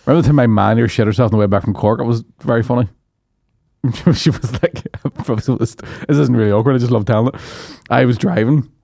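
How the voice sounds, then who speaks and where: A man's voice: medium pitch, a little fast, creaky, dark tone, no echo, studio quality. A man, a comedian guest telling rambling, sweary anecdotes in casual chat, laughing as he goes.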